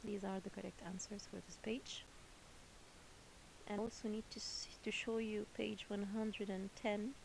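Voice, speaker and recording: Woman, teacher, patient, repeats words, gravelly, slow delivery. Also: medium pitch, little pitch movement, background noise. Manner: slow, patient, repeats each word twice. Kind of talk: English phonics lesson for children.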